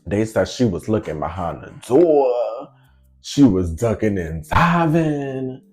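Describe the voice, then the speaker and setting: A man spinning a story in a lively, sing-song voice that climbs and dips all over. He takes his time with every line and talks in slang. He voices each person in the story himself, with faint music underneath. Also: fairly low pitch, slow. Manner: animated, slangy, acts out every side of the conversation. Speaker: vlogger telling a storytime. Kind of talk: casual storytelling.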